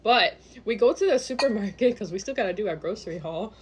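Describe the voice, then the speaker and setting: Young woman vlogger, quick-paced, slangy storytelling with frequent laughs. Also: mid-range voice, breathy edge. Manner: animated, laughing often, slangy. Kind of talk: casual storytelling to camera. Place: New York City.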